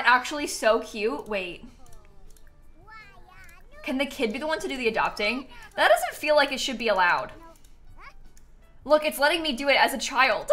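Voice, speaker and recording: Bright, lively woman streaming a game. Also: high voice, normal speed, pauses often, soft background music. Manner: chatty, giggly, talks to chat. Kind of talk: casual gameplay commentary.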